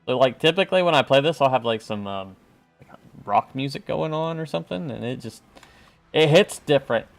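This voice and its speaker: A man's voice: mid-range voice, animated, brisk, vocal fry, soft background music. A man chatting casually while streaming a game, joking and talking back to enemies on screen. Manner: joking, talks to game enemies, hums along. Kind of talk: casual gameplay commentary.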